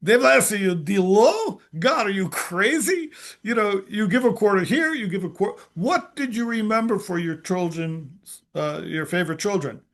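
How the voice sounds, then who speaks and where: A man playing a shrill, indignant young boy. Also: normal speed. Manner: shouting and incredulous. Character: excited young boy scolding God.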